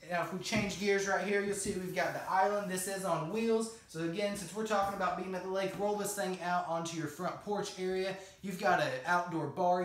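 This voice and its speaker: High-pitched, upbeat salesy man. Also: fairly bright tone, reverberant, poor audio. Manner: upbeat, salesy, keeps addressing viewers as guys. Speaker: home tour presenter. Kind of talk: enthusiastic sales walkthrough. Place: inside a small manufactured cottage.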